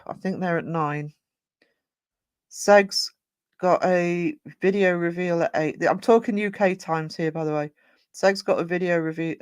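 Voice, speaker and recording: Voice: medium pitch, clear, resonant tone, no echo. Chatty streamer, dry sound. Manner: rambling, chatty, reads chat messages aloud; frequent fillers and self-corrections. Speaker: live-stream host. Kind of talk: casual live-stream chat.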